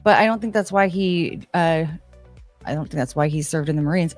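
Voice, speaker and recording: Woman streamer, casual chat, rambling and excitable, dry close sound, faint music underneath. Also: deep voice, fairly quick, no echo. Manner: rambling, excitable, trails off and restarts. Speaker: livestream host reading chat. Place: home, near her kitchen.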